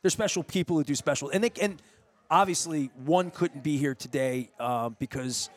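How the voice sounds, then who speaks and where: A man's voice: a little high, normal speed. A middle-aged man hosting a radio interview in a restaurant, telling a long story in a loose, rambling way with many restarts. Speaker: radio host. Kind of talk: casual interview chat.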